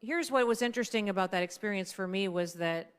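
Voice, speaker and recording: A woman's voice: medium pitch, fast, clear, resonant tone. A middle-aged woman giving a conversational speech at a political dinner, telling an anecdote and acting out the dialogue of the people in it. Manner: conversational, acts out quoted dialogue. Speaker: guest speaker at a political dinner.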